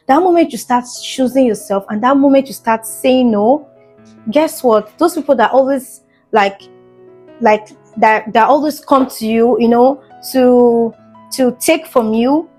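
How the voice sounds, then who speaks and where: A young woman vlogger speaks straight to her viewers in an earnest, emphatic way, often pausing to ask if they understand. Her voice sits a little high, and faint music plays underneath. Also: a little mellow, slightly rough. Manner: earnest, emphatic, keeps asking "do you understand?"; fillers and restarts, gets emotional at times. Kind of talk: casual storytime monologue to camera.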